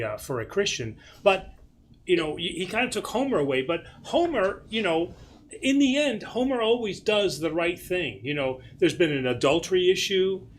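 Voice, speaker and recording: Rambling priest hosting a livestream. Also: male voice, high voice, fairly bright tone, a little hiss or hum. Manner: rambling, lots of fillers and restarts. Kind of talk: casual livestream chat. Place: church livestream studio.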